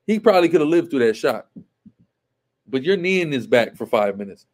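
A man's voice: mid-range voice, sing-song, normal speed. A man hosting live commentary, talking emphatically and repeating himself, often asking "right?". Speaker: show host.

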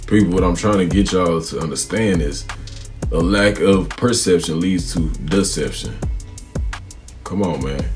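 A man hosting a reaction video, talking casually to his viewers in drawn-out, preachy asides. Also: deep voice, over loud music.

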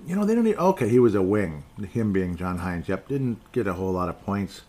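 A man's voice: lowish voice, big pitch swings, a little fast, mellow. A middle-aged man hosting a casual solo sports podcast, rambling and digressive with chuckling asides. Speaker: podcast host.

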